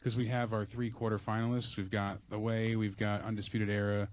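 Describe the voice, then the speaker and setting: A man's voice: lowish voice, level tone, brisk, highs cut off. A man co-hosting a podcast in casual wrestling chat, mostly chiming in with brief agreement. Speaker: podcast co-host.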